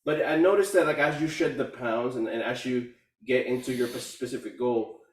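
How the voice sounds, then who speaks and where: Man with halting speech, echoey room. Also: medium pitch. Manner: halting, many fillers and restarts. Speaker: community call participant. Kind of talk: casual testimonial. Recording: echoey room, far from mic.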